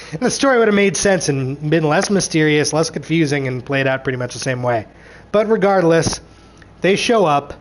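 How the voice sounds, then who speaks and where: A man rambling through a show recap, exasperated and sarcastic, swearing freely as he picks apart the plot. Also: a little high.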